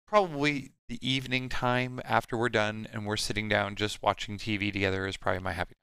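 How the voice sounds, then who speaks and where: A man's voice: fairly low pitch, level tone, a little fast, pushed and bright, clear, resonant tone, no echo, poor audio. A man co-hosting a live stream, chatting casually with playful, rambling asides. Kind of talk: casual chat.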